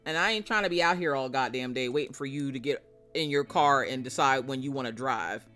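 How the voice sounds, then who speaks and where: In casual live-stream chat, a woman streamer with a bass voice speaks a little fast, bright and forceful, as faint music plays behind her. She's brash and profane with her viewers, telling jokey stories and launching into loud mock rants.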